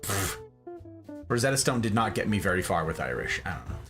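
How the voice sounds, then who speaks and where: A man's voice: low voice, very animated, a little fast, music in the background. A man hosting a live stream in casual chat, reading out viewers' messages and answering them.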